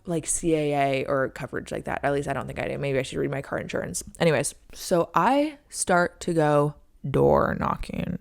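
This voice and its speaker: A young woman in her twenties hosting a podcast, telling a story in a casual, animated way with lots of "like". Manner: animated, frequent "like", acts out her own lines in a high squeaky voice. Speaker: podcast host.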